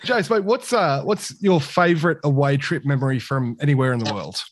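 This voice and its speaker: A man's voice: a little high, moderate pace. A man co-hosting an interview, chipping in with wry teasing remarks. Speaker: co-host. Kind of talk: casual interview chat.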